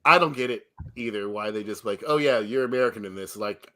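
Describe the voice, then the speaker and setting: A man's voice: on the low side, brisk, sharp tone. A man co-hosting a casual movie podcast, joking and laughing often. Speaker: podcast co-host.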